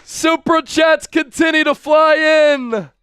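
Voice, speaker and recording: A man hosting a live sports stream, excitedly calling the game and reading out viewer donations between fan chants. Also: very high-pitched, slow, no echo, clean studio sound. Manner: chanting and shouting fan cheers.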